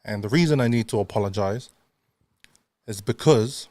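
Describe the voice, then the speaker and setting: A man's voice: fairly low pitch, normal speed, a little mellow, no echo. A male radio host in casual chat, talking in a chatty, self-mocking way and laughing often. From not London.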